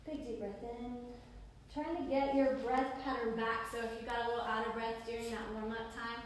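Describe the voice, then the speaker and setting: A woman leading a yoga class, calmly cueing each pose in time with the breath. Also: fairly high pitch, moderate pace. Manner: calm breath-paced cueing. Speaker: yoga instructor. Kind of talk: guided yoga class instruction. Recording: roomy echo, distant mic, faint noise.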